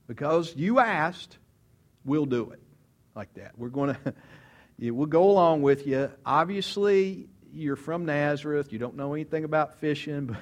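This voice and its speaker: A man acting out an impulsive, blunt adult fisherman who blurts out whatever he thinks. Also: on the high side. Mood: skeptical, humoring. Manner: blurting, self-deprecating.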